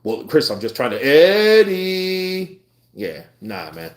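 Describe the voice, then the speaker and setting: A man hosting a live boxing stream, chatting casually with his viewers in a blunt, profane, animated way. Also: fairly low pitch, normal speed. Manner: animated, profane, talks back to chat. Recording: roomy echo.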